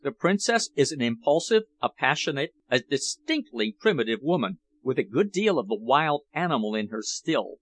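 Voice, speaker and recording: A man's voice: medium pitch, very animated, moderate pace, hardly any pauses, a bit bright. A man doing a grave, formal nobleman. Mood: grim. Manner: formal, grim.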